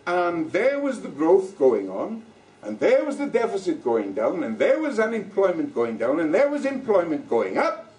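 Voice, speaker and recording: A man's voice: sits high, wildly swooping pitch, normal speed, a little mellow. An older man giving a comic political speech with no microphone, mocking and punchy, playing for laughs before an audience. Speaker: political speaker. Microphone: no microphone, recorded from far off. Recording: echoey hall from far off, noisy.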